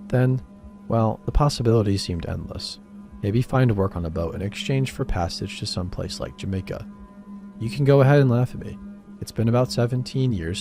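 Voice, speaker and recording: Low, dark-voiced male storyteller. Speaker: horror story narrator. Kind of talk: scripted first-person narration.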